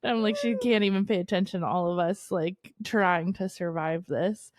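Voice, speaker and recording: Animated storytelling woman, dry close mic. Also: on the low side, normal speed, dry recording. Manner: animated storytelling, swears and laughs often. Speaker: podcast co-host. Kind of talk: casual chat.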